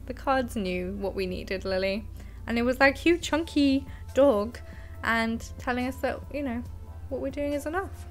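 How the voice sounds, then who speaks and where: A woman's voice: fairly high pitch, measured pace, soft background music. A young woman chatting casually on her live stream, giggly and affectionate toward her cat, speaking into a desk mic at home. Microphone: desk microphone.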